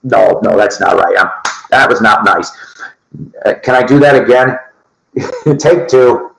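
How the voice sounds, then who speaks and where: A man's voice: mid-range voice, lively intonation, measured pace, gravelly, long pauses, a bit bright, a little hiss or hum. Profane rambling man in an echoey room. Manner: loose and profane, laughs at his own asides. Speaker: host of a record-collecting show. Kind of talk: casual rambling chat to viewers.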